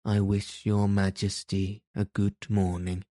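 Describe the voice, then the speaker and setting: A cool, resolute young prince, read by a man in a storybook audiobook, calm and polite. The voice is low and slow, warm and dark in tone, recorded dry and close. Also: no room sound. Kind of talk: audiobook character reading.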